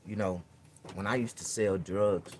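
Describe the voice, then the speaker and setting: A man delivering a comedic vlog monologue in an RV, excitable and swearing constantly. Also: fairly low pitch, measured pace, slight background noise.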